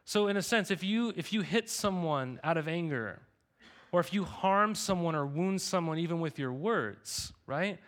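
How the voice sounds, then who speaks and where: A man's voice: fairly high pitch, lively intonation, moderate pace, a bit bright. A man preaching a sermon as pastor, in a casual, conversational way, often checking in with "right?" and "okay?".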